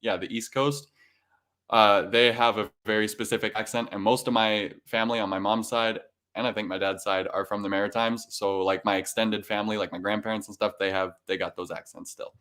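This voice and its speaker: A man from Canada, a guest on a radio interview, chatting in a joking, relaxed way with plenty of fillers. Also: on the low side, a little fast. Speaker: guest musician. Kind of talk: casual interview chat.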